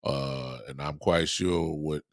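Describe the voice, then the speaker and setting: A man hosting a casual live-stream podcast, rambling loosely and filling pauses with "uh". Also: a bass voice, fairly even intonation, vocal fry, dry recording, clean studio sound. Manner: rambling, heavy with "uh" fillers. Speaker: podcast host. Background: faint music.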